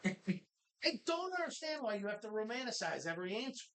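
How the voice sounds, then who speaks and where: A man's voice: high-pitched, very animated, brisk, a bit bright, low-quality recording. A man co-hosting a live podcast from a bar, talking bluntly and swearing freely as he rants. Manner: blunt, profane, ranting. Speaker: co-host.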